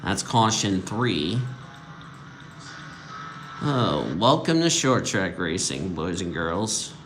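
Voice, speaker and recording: A man's voice: sits low, takes it slowly, faint music behind. Tired man calling a sim race. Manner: excitable, reacts loudly to crashes. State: tired, yawning. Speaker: race commentator. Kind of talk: casual live commentary of a sim racing league.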